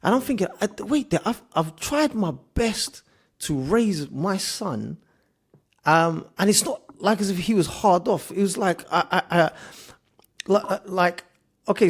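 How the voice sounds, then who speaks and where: A man, hosting a casual interview in a friendly, stammering way. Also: high voice. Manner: friendly, says "bro" a lot, stammers and restarts when musing. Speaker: podcast host.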